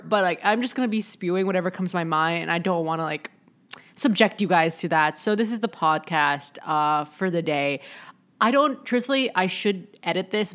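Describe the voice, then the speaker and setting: A young woman hosting a casual solo podcast, rambling with many fillers and poking fun at herself. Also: lowish voice. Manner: rambling, frequent "like" fillers, self-mocking. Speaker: podcast host.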